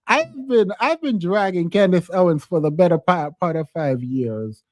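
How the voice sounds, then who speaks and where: High-pitched guy rambling on his live stream, laughing a lot, super dry close mic. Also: lively intonation, dry recording. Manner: chatty, laughs often, dramatic pauses. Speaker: streamer and commentator. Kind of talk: casual live-stream commentary.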